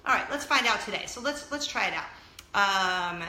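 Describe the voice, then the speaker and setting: A woman in her thirties hosting a casual talk show to camera, telling stories in an animated way and laughing often. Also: mid-range voice, moderate pace, echoey room. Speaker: vlog host.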